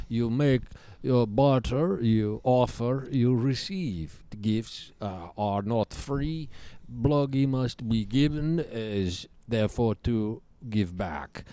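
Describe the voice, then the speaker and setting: A man's voice: medium pitch, warm tone, clear, resonant tone. A man voicing a summoned male spirit from Eastern Europe with a put-on accent, who talks about himself in the third person in broken English. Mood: solemn. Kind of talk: improvised comedy podcast bit.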